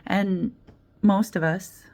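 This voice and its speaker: American woman chatting in her vlog diary, lively storyteller, does the voices. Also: mid-range voice, slow. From United States. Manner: animated storytelling, quoting voices, laughing, swearing. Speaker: vlogger.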